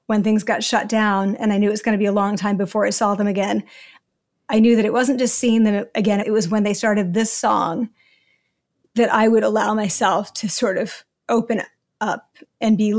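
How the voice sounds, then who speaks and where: A woman's voice: medium pitch, fairly even intonation, moderate pace, a little mellow. A woman guest in an interview, talking enthusiastically and a little rambling, often laughing between thoughts. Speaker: podcast guest. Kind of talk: conversational interview.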